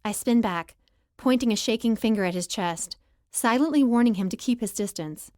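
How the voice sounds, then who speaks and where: A woman narrating a first-person romance audiobook in an emotional, expressive reading. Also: mid-range voice, normal speed, no echo, studio quality.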